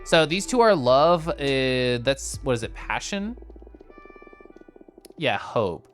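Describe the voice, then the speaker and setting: A man streaming a game from home speaks very animatedly yet slowly, his medium-pitched voice a bit bright over soft background music. He's playful, sappy and giggly, chatting with viewers and putting on silly voices.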